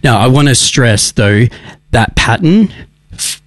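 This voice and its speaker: A man hosts a talk show, talking earnestly about recovery and tripping over his own sentences as he goes. His voice sits at an ordinary pitch for a man. The recording is dry, with no room sound around him. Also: big pitch swings, slow pace, no echo. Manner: earnest, rambling with many restarts. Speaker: radio show host. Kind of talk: casual recovery advice talk.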